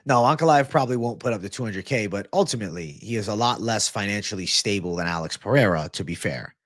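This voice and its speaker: A man's voice: on the low side, animated, fast talker, fairly bright tone, dry recording, clean studio sound. A young man hosting a live MMA and fitness stream, chatting casually, swearing and thanking viewers. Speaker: livestream host.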